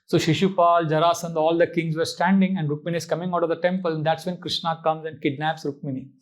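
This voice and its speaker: A man's voice: a little high, fairly even intonation, fast. A man giving a devotional talk, telling a scripture story with earnest emphasis and wry asides. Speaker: monk and spiritual teacher.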